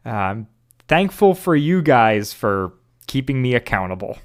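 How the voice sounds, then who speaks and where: A young man co-hosts a casual podcast, his pitch swinging widely as he talks. He stops and restarts his sentences often and slips in dry jokes. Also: very animated, unhurried. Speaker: podcast co-host. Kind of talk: casual chat.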